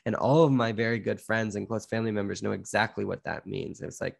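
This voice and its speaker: A man's voice: lowish voice, steady tone, fast, vocal fry. A young man speaking as an interview guest, earnest and reflective, often saying "like" and "you know". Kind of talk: candid conversational interview.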